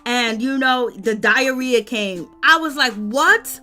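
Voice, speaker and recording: A woman's voice: on the high side, soft background music. A woman, chatting casually and animatedly while she recaps a reality show live. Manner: animated, slangy, breaks into quick prayer. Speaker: reality TV reviewer.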